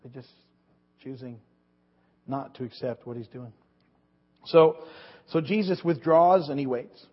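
A man's voice: medium pitch, unhurried, long pauses. A man preaching a sermon in a rambling way, often restarting and repeating words as he goes. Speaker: pastor. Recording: dull lo-fi recording with long hall reverb.

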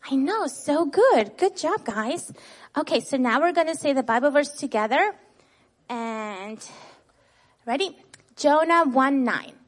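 Speaking a little slowly in a voice that sits high, a woman gives children a Bible lesson. Her storytelling is lively and expressive, she habitually ends sentences with "right?", and she answers the questions she puts to the kids.

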